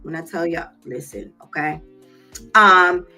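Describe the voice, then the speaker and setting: A woman's voice: sits low, measured pace, bright, forceful tone, faint music behind. A woman hosting a live stream, who tells her own story candidly and speaks straight to her viewers. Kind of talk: casual live-stream talk.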